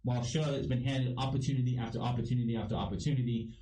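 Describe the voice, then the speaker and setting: A man's voice: medium pitch, steady tone, rapid-fire, mellow, echoey room, far from the mic, a little hiss or hum, rough recording. A man from Ohio giving a casual wrestling review, blunt and ranting, swearing freely. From Ohio, United States.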